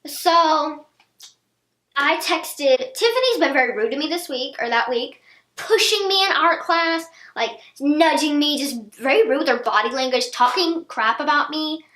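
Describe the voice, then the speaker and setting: Bubbly teen vlogger with a high voice, talking to camera in a reverberant room. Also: female voice, unhurried. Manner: chatty, animated, acts out quotes of others. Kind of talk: storytime vlog, casual chat. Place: indoor room, seated on a chair. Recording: echoey room.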